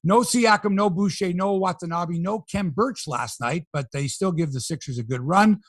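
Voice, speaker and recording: A middle-aged man hosts a sports talk podcast with a somewhat high, husky voice. He rattles through scores and headlines, then breaks off into chatty, opinionated asides. The sound is dry and close. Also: moderate pace, dry recording. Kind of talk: casual sports talk and news rundown.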